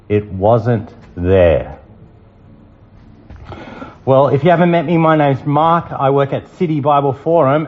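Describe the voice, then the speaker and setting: A man, giving a sermon and telling personal stories in an animated way. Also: on the high side. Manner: animated storytelling, acting out panicked quotes. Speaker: speaker at a Bible talk. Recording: muffled lo-fi sound.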